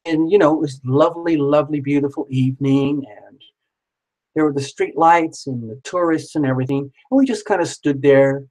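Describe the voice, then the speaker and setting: A man's voice: a little high, moderate pace, darkish tone, rough recording. A man telling a story casually, rambling and repeating himself, with some swearing.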